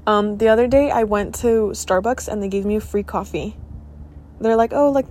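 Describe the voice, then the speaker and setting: A young woman in her late teens hosting a casual podcast, chatty and excitable, full of fillers and casual swearing. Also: medium pitch, moderate pace. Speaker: podcast host. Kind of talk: casual chat.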